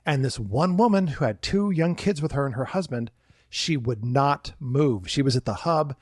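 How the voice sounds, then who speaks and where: A man's voice: medium pitch, lively intonation, moderate pace, a little mellow, slightly rough, dry recording, clean studio sound. A man co-hosting a podcast, telling a work story in casual chat and acting out the people in it with raised voices. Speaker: podcast co-host, former theme park worker.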